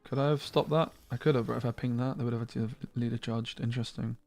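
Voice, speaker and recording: A man's voice: mid-range voice, fairly even intonation, quick pace, gravelly, a little mellow, faint music behind. Chatty man muttering game commentary. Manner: chatty, muttering asides, mild slang. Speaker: streamer. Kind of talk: casual gameplay commentary.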